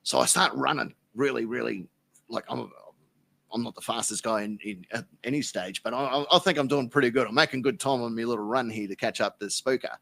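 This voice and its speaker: A man's voice: mid-range voice, brisk, creaky, a bit bright. An Australian man, a podcast guest, telling a rambling, profane anecdote in casual chat. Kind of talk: casual storytelling.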